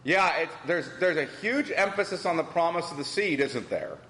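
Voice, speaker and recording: A man's voice: fairly high pitch, sing-song, normal speed, a bit bright. Man teaching in an echoey church hall. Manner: asks the class questions and repeats answers. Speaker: Bible study teacher. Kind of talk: interactive Bible class teaching. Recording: echoey hall with long reverb.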